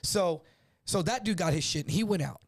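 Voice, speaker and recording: A man's voice: high voice, moderate pace, no room sound, studio quality. A man from El Paso telling a story as a guest, acting out other people's voices and swearing freely. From El Paso, Texas. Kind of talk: casual storytelling on a livestream.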